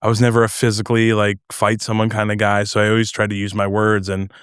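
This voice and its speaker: A young man from New Jersey talks through a casual podcast chat in a rambling, hesitant way, full of fillers. His voice sits low and sounds smooth and resonant. The recording is dry and close. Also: monotone, fast, fairly bright tone, dry recording. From North New Jersey. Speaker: comedian guest.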